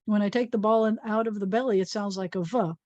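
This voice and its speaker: A woman's voice: mid-range voice, steady tone, a little mellow, dry recording, highs cut off. Patient woman rabbi teaching Hebrew letters. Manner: patient, playful teacher sounding out letters slowly. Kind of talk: informal recorded lesson.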